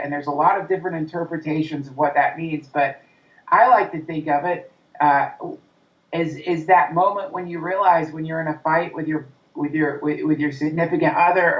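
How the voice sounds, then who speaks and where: A male comedian rants intensely and profanely in an interview, now and then acting out the nagging voice in his own head. He sits some way back from the microphone, so he sounds distant. The room echoes around him and the recording has a dull, muffled tone. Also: on the high side. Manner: acts out his inner critic's voice. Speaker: comedian guest. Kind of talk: interview conversation.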